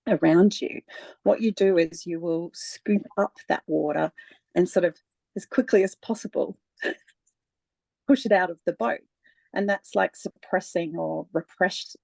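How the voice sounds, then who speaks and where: A woman speaking as a guest in a relaxed, conversational personal account, with frequent laughs and many fillers. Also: fairly low pitch, creaky, no echo.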